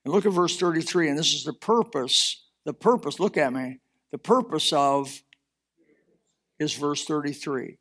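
A man's voice: on the high side, expressive, unhurried, pauses often, pushed and bright. A man preaching a sermon, swelling and dropping in force as he reads scripture and applies it. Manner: impassioned preaching, rising and falling in force. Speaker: pastor.

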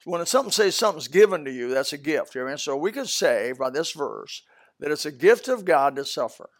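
An older man, pitched a little high, preaching a sermon. He tells stories and jumps from loud shouts to near-whispered asides. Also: expressive, a little fast. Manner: storytelling with loud bursts and sudden soft asides.

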